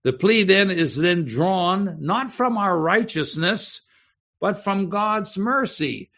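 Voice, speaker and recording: A man preaching a sermon, teaching slowly and deliberately and often checking in with his listeners. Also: sits high, animated, a bit bright. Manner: slow, deliberate teaching with frequent "okay?" check-ins. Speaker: pastor.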